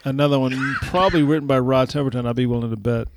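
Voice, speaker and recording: A man's voice: mid-range voice, fairly even intonation, fast, noisy background. A man in a casual, laughing conversation about old music, reminiscing as he talks.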